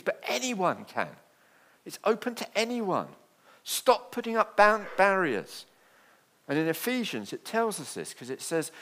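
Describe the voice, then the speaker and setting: Male pastor, sermon delivery, conversational with light jokes, very lively pitch. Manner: animated, conversational preaching with asides and jokes.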